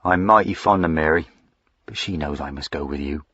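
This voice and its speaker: A man voicing a quiet, devoted male servant who speaks softly in a rustic dialect. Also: extremely low pitch, brisk, slightly rough, no room sound, muffled recording, heavily acted. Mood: quiet, earnest. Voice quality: soft-spoken, rustic dialect. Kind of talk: audiobook character voicing.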